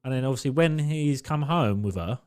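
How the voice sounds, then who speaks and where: A man's voice: mid-range voice, a little fast, clear, resonant tone. A man co-hosting a podcast, telling stories in casual chat, swearing freely and acting out what others said. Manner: swearing, animated storyteller who acts out quoted voices. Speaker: podcast co-host.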